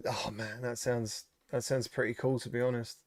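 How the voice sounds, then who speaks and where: A man's voice: mid-range voice, level tone, moderate pace, dry recording. Chatty man greeting live-stream viewers. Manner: chatty, reads out viewer comments and greets them. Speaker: streamer host. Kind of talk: casual live-stream chat.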